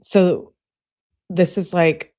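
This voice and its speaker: Blunt, low-voiced woman live-streaming. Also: little pitch movement, very slow, mellow. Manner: blunt, sarcastic asides to chat. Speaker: streamer reading case evidence to a live chat. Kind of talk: live-stream reading with commentary.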